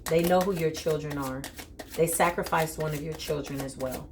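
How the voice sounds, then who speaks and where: Blunt tarot reader, a woman, deep voice, faint hiss behind. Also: moderate pace. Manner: blunt, emphatic, talks straight to the viewer. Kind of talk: spiritual tarot reading to viewers.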